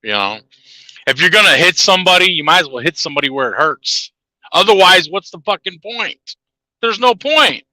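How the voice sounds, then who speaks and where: A man's voice: sits high, lively intonation, moderate pace, pushed and bright, no room sound, rough recording. A man ranting in a heated, profane monologue to his viewers, laughing at his own jabs. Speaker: channel host.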